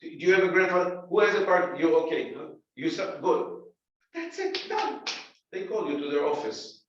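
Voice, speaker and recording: A middle-aged man giving blunt, forceful coaching as an investor mentor, firing off emphatic points in quick bursts. He sits well back from the mic, so his voice comes across distant and dull. A strongly echoing room surrounds every word. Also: sits high, very animated, background noise. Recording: roomy echo, distant, dull.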